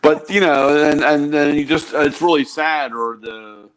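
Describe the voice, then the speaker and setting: A man's voice: fairly high pitch, steady tone, unhurried, fairly bright tone, clean tone, low-quality recording. Wry man telling shop stories. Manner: wry, joking storyteller. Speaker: tool truck dealer, guest. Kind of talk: casual chat on a live show.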